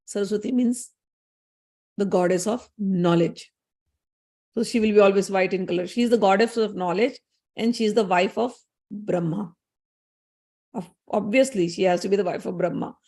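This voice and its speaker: A woman's voice: mid-range voice, normal speed, pauses often, mellow. A woman spiritual teacher retelling a scripture story in a conversational, explanatory way with casual asides.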